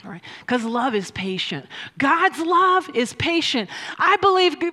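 A woman's voice: sits high, sharp tone. A woman preaching a sermon into a microphone, telling stories with frequent laughs and emphatic rises. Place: church hall with a mic. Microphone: handheld or stand mic. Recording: long hall reverb.

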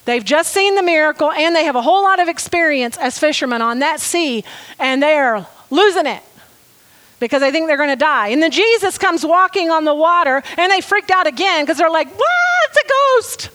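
A woman preaching a sermon, telling a story with lively, animated delivery and acting out quoted lines. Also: high voice, a little fast.

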